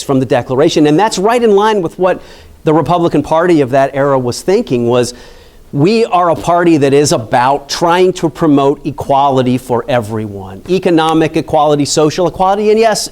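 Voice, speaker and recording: A man's voice: on the high side, darkish tone. A man from Pennsylvania, a national park site manager, giving a conversational history lecture to an audience, chatty and full of asides and questions to the listeners. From Pennsylvania, USA.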